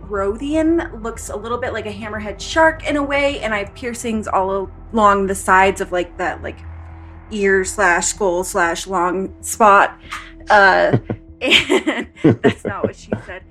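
A woman introducing her tabletop game character in a relaxed way. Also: medium pitch, slow, soft background music. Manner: relaxed, laughs easily. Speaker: player.

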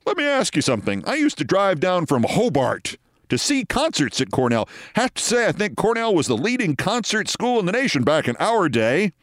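A man's voice: high voice, wildly swooping pitch, normal speed, fairly bright tone, dry recording, clean studio sound, pitched above the performer's own voice, heavily acted. A man putting on the voice of a genteel, old-fashioned male TV producer, courtly and folksy. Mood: breezy.

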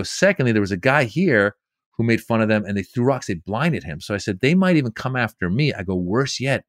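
A middle-aged man, a comedian, telling lively stories in an interview and slipping into quoted voices. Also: on the low side, no echo, clean studio sound. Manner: animated storyteller doing quoted voices. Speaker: comedian guest. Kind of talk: storytelling interview.

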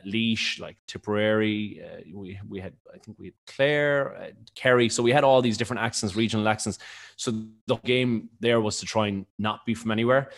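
Man, mild Limerick Irish accent, quick pace, lowish voice, rambling casual answers. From Ireland, County Limerick. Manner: rambling, quick, self-correcting. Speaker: radio presenter and stage co-host.

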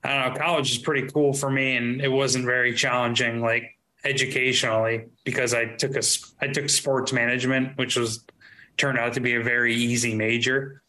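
A man co-hosting a podcast, chatting in a relaxed, rambling way full of fillers. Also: mid-range voice, moderate pace, poor audio. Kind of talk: casual chat.

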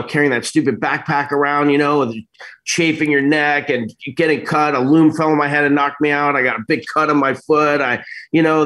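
Man, middle-aged, somewhat high voice, animated, rambling, self-interrupting, interview guest. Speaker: actor guest. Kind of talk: casual interview storytelling.

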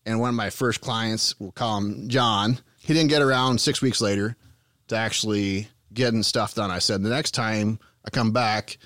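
A man's voice: fairly low pitch, moderate pace, fairly bright tone, no room sound, clean studio sound. A man from Ontario with an Eastern Canadian accent, a farm consultant telling folksy, jokey stories as a podcast guest. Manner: folksy, jokey, rambling anecdotes. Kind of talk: casual storytelling.

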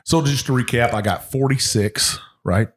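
A man's voice: medium pitch, moderate pace. A man co-hosting a podcast in casual chat, enthusiastic and rambling, with lots of ums. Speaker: podcast co-host.

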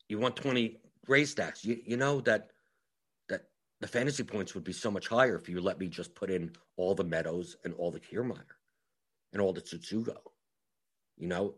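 A man's voice: fairly low pitch, breathy edge, pitched below the performer's own voice. A man voicing a fussy, chatty lineup optimizer program in a coaxing, mock-confiding way.

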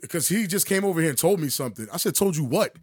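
A high-voiced man with a husky, breathy edge recounts a story in loose, profane slang. His pitch swings wildly as he acts out the other people in it, recorded dry and close. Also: rapid-fire, no room sound. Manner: animated, acts out dialogue with big pitch jumps. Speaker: podcast co-host telling a story. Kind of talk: casual storytelling chat.

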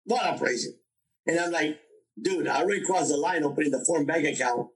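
An older man, in his sixties, guests on a podcast and recounts his past in a lively storytelling manner, slipping into the voices of the people he quotes. His voice sits somewhat high for a man. He is picked up from a little distance off the microphone. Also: fast. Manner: animated, acts out dialogue from his story. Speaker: interview guest.

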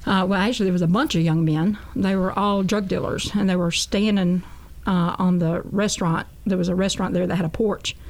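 A woman's voice: fairly low pitch, fairly even intonation, a little fast. A woman guest on a talk show, telling her testimony in an earnest, folksy way and often repeating "I said.". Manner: earnest, folksy storytelling with a lot of "I said".

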